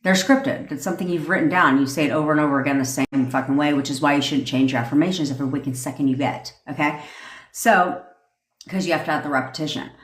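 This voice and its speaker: A woman's voice: low voice, fast. Blunt, swearing woman in an echoey room. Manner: blunt, profane, animated, acts out sassy examples. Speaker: manifestation coach. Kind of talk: livestream rant.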